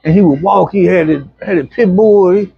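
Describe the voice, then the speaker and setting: Middle-aged man with a husky, fairly high voice, an animated storyteller who acts out quotes; dull lo-fi recording. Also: moderate pace, no room sound. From Arkansas, USA. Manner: animated, acts out the voices of people in his stories. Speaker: interview guest. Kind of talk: personal storytelling in a casual interview. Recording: dull, muffled lo-fi sound.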